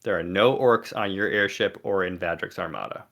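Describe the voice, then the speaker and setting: A man with a low, bright and tense voice runs a tabletop game as game master. He gives his rulings in a dry, matter-of-fact way. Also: moderate pace.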